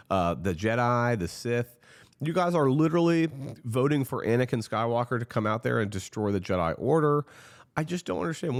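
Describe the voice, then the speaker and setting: A man giving impassioned political commentary, earnest and frustrated, pleading directly with his viewers. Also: lowish voice.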